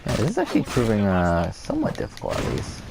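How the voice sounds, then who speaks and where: A man with a lowish, gravelly voice talks fast, his pitch swooping wildly, in a very noisy recording. It's rambling gameplay commentary packed with fillers and restarts, and he swears at the game when it goes wrong.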